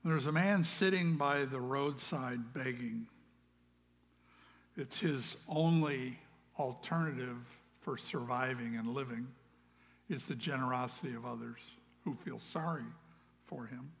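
A man giving a sermon as pastor, earnest, swinging between loud calls and hushed asides. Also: mid-range voice, measured pace, gravelly. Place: church sanctuary. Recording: long reverb of a large hall.

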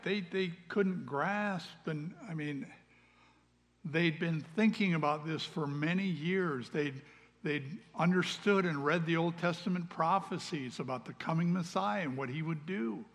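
A man giving a sermon as pastor, earnest, swinging between loud calls and hushed asides. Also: on the high side, a little slow. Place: church sanctuary. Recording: long reverb of a large hall.

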